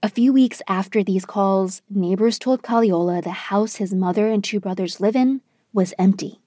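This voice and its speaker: A woman news correspondent reading a scripted report in a measured, even way. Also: mid-range voice, no room sound, studio quality.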